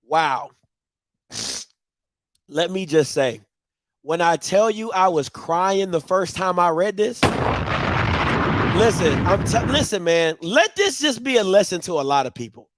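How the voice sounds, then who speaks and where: High-pitched, animated male show host. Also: slow, dry recording. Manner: animated, repeats catchphrases, bursts into loud laughter. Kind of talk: casual commentary.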